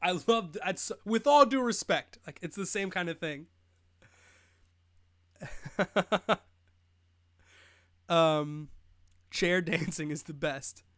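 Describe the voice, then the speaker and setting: A man's voice: sits high, takes it slowly, pauses often, fairly bright tone. A young man in his twenties hosting a live fantasy football stream, rambling and joking in casual chat, laughing often. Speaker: host.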